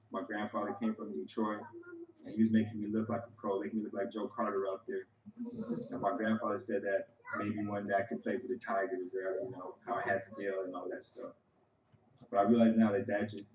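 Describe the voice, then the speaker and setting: In a church sanctuary, a son gives a conversational eulogy for his father, full of stories and frequent "you know" asides. His voice is lowish, and the recording is roomy and lo-fi.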